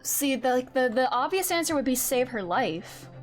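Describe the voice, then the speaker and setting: A woman's voice: high-pitched, expressive, moderate pace, soft background music. A woman streamer chatting casually and rambling while she plays a courtroom game.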